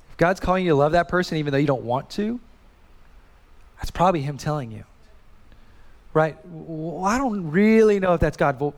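Emphatic preacher in a reverberant hall. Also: male voice, a little high. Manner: emphatic, repeats key phrases, rhetorical questions. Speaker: pastor. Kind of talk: sermon.

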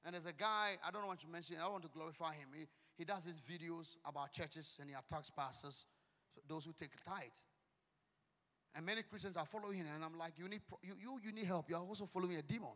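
A man with a Ghanaian English accent, preaching a fiery sermon in church, shouting and repeating declarations. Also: a little high, quick pace. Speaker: pastor. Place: church hall. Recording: long echoing hall.

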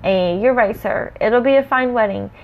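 A woman reading the lines of a quiet, deferential young male soldier. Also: on the high side, moderate pace, creaky, narrow, tinny audio, very noisy. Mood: cautious.

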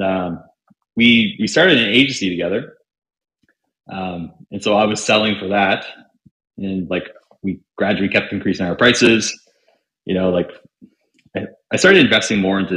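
Young guy, fairly low and bright voice, loose storyteller full of "like", in an echoey room. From Canada. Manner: chatty, filler-heavy, acts out quoted dialogue. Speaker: podcast guest, salesman. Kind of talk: casual storytelling. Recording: roomy echo.

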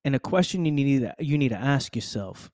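A man's voice: mid-range voice, lively intonation, a little fast, darkish tone, dry recording, clean studio sound. A man hosting a podcast, delivering a preachy motivational monologue straight to the listener, repeating phrases and calling them "fam.". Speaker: podcast host.

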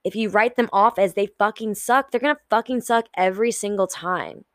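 A young woman hosts a solo podcast in a mid-range voice, talking briskly with studio-quality sound and no room noise. She's frank and casual, swears freely, and voices her own inner thoughts aloud as if acting them out.

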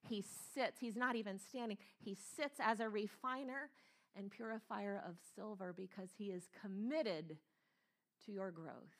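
A woman's voice: mid-range voice, unhurried. A woman preaching a sermon, emphatic and earnest, repeating key phrases and stretching words for weight. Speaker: pastor, speaker.

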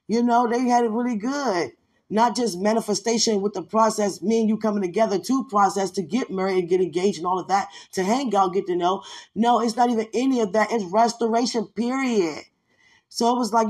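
Breathy woman giving a fervent testimony. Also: mid-range voice, brisk, a little mellow. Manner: fervent and rambling, with many fillers. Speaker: podcast host giving a testimony. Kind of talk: devotional testimony monologue.

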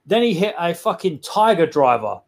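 Excitable sweary man. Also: sits high, normal speed, creaky. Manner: excitable, sweary, rambling with fillers. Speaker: podcast co-host. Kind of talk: casual chat.

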